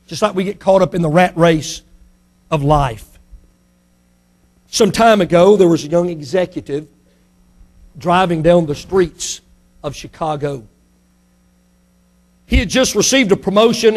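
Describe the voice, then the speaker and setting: Male preacher, sermon with a story, high voice, emphatic repetition, quiet dramatic drops.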